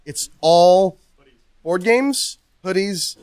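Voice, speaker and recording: A man's voice: sits high, animated, extremely slow, a little mellow, no echo. Playful podcast co-host guy, bouncy voice all over the place. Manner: playful, teasing. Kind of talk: casual chat.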